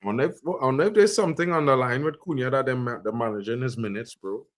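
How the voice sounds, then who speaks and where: Slangy man yelling through a live match. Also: quick pace. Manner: erupts into shouts and high yells at big chances, slangy. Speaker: fan livestream host. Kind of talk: excited live match reaction.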